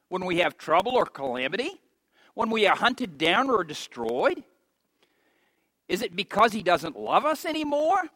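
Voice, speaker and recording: A man in his fifties preaches an impassioned sermon with a high-pitched voice. He swings between soft, drawn-out stretches and loud, emphatic bursts. The recording is dry and close, with no room sound. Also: dry recording, low-quality recording. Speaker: pastor. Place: church.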